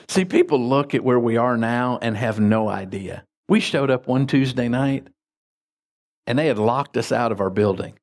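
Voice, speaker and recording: A man preaching as a pastor, telling folksy stories with lively jumps in his voice. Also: a little slow. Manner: folksy, animated anecdotes with sudden pitch jumps. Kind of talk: sermon with storytelling.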